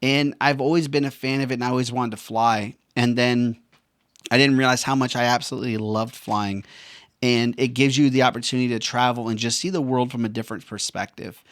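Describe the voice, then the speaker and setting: A man's voice: medium pitch, fairly even intonation, fairly quick, a bit bright, no room sound. A man, a veteran and former helicopter pilot, rambling casually with slangy jokes. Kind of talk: casual monologue.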